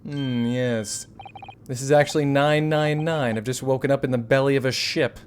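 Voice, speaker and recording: A man's voice: mid-range voice, fairly even intonation, moderate pace, slight background noise. A man streaming a game playthrough, making wry, offhand asides.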